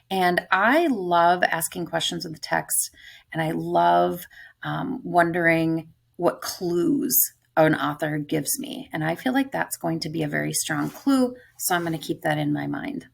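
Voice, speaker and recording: A woman's voice: fairly low pitch, slow, creaky, husky. A woman teacher leading a close-reading lesson, thinking aloud about a story's clues. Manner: thoughtful, musing aloud.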